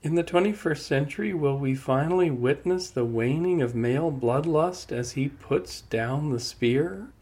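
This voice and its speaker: An older man hosting a podcast, talking reflectively in a salon conversation and reading a measured closing narration. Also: fairly high pitch, darkish tone, husky. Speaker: podcast host.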